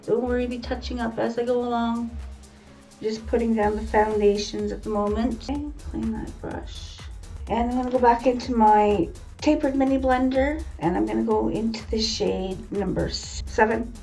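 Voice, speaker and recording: A woman's voice: a little high, fairly even intonation, moderate pace, dark tone, recorded from a distance, soft background music. A woman hosting a casual makeup tutorial, chatting to her viewers as she works step by step. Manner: chatty, talks to viewers as guys while working.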